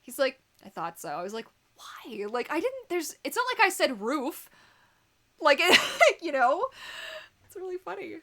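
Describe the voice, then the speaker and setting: Her voice is high and fairly bright, swinging widely in pitch at a moderate pace. She's a young Canadian woman hosting a relaxed livestream, giggling through comment reading and viewer chat with plenty of fillers.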